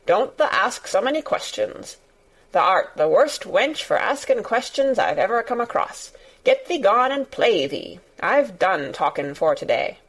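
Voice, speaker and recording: A woman's voice: mid-range voice, very animated, a little slow. A woman doing a grumbling old gardener. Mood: sharp, cross. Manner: grunting, grumbling, curt. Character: grumbling old male gardener, gruff and cross.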